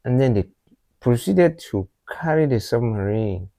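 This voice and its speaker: A man's voice: medium pitch, lively intonation, a little slow, gravelly, dark tone, no room sound. A man from Africa hosting a reaction video, talking in an earnest, reflective way that often repeats phrases. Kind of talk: casual reaction commentary.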